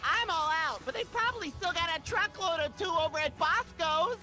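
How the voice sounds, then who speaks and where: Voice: very high voice, animated, normal speed, sharp tone, faint music behind, full character voice. A woman voicing a manic male former child star who poses as a chirpy therapist in a cartoonish video game. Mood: manic cheer.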